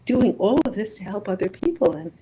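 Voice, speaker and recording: A woman's voice: mid-range voice, lively intonation, brisk, warm tone, slight background noise, low-quality recording. A woman psychologist being interviewed, building her points thoughtfully through examples and rhetorical questions. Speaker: psychologist guest. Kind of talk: reflective interview conversation.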